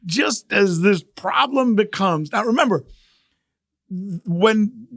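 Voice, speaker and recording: Middle-aged guy doing his news podcast, kinda high voice, lots of gravel, keeps hammering his point. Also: takes it slowly, no echo, clean studio sound. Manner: animated, emphatic, repeats phrases for effect. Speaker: podcast host and journalist. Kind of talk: casual news commentary.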